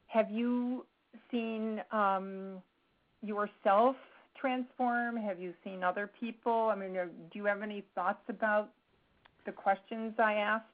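A woman interviewing a guest, asking halting questions with many restarts. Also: medium pitch, fairly even intonation. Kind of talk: casual interview. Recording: tinny phone line.

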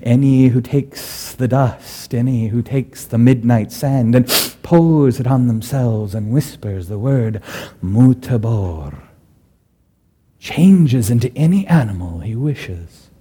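A man voicing a sly little male sorcerer who speaks low, slow and gravely, with a husky tone. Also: expressive, warm tone. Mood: solemn.

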